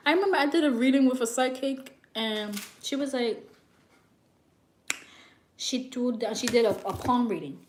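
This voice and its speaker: A young woman who works as a psychic reader, telling a story to her viewers in a brash, animated way and swearing freely. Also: high voice, normal speed.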